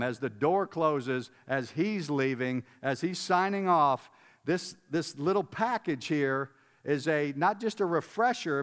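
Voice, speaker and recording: Emphatic preacher in a reverberant hall. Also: male voice, on the high side. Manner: emphatic, repeats words, chuckles, asks the audience. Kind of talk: conversational sermon teaching. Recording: long reverb of a large hall.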